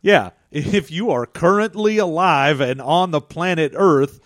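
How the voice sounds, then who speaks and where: A man's voice: fairly high pitch, unhurried, fairly bright tone, no room sound. A man co-hosting a comedy podcast, trading dry, teasing quips in casual banter. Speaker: podcast co-host.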